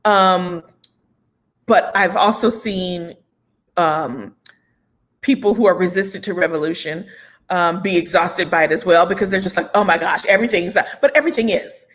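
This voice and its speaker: A woman co-hosting a casual chat show, animated and quick to laugh, agreeing often. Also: lowish voice. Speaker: podcast co-host.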